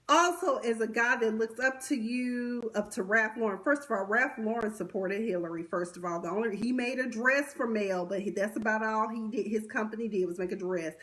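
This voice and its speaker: A young woman with a slightly higher voice runs through an unscripted commentary recap. She talks with blunt, sassy exasperation, full of slang and asides. Her voice comes through a livestream webcam or phone mic. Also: normal speed, a bit bright. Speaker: commentary vlogger.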